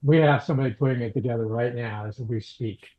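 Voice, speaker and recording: Laid-back engineer guy musing about old studios, mid pitch. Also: fast, highs cut off. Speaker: audio engineer guest. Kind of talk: casual interview talk.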